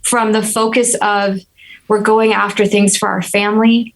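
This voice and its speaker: Woman telling a hard story, even-toned. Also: mid-range voice, moderate pace, low-quality recording. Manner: earnest, reflective, steady and even-toned. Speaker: podcast guest. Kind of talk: candid personal storytelling.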